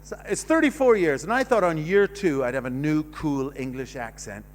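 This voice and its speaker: Speaking at normal speed in a voice on the high side, a Canadian man in his fifties does stand-up at a comedy club, wandering through self-mocking, profane bits that often trail off.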